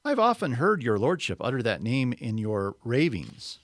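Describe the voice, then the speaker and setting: A man reading a story aloud, voicing a soft, coaxing, half-mocking witch queen in a sweet, quiet voice. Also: medium pitch, sing-song, moderate pace, dry recording, studio quality, lightly acted.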